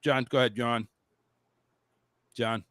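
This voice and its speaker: A man's voice: medium pitch, steady tone, slow pace, a bit bright, dry recording. A man hosting a call-in talk show, reading memes aloud and joking with a crude, profane streak. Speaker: radio show host. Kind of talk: casual call-in show banter.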